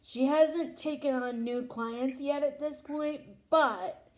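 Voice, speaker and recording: Gushing young woman with a mellow voice. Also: sits high, steady tone, takes it slowly. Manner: gushing, emotional, lots of "oh my God". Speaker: vlog host. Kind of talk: casual fan reaction chat.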